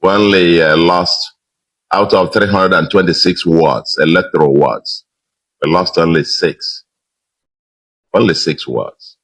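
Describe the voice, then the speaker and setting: A man in his sixties, a governor giving an emphatic victory speech with measured pauses. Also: low voice, a bit bright, low-quality recording. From Nigeria.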